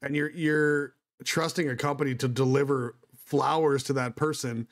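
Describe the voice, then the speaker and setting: A man's voice: mid-range voice, fairly even intonation, normal speed, slight background noise. A young man co-hosting a podcast in casual chat, backing up his co-host, laughing along and talking in earnest.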